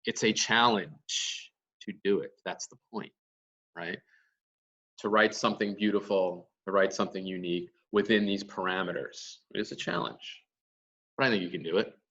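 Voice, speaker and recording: A man's voice: deep voice, moderate pace, fairly bright tone, recorded from a distance, dull audio. A male teacher giving a lecture, explaining step by step and answering his own questions. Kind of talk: classroom lecture.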